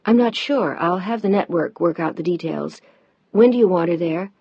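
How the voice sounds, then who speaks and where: A woman voicing an eager, curious female TV reporter in an audiobook, brisk and persuasive. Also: lowish voice, gravelly, slightly rough, dry recording. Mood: earnest. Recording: dull dry audiobook recording.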